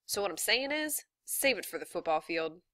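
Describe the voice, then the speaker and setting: A woman's voice: on the low side, big pitch swings, normal speed, pushed and bright, no echo, studio quality. A woman reading as a stern school official man.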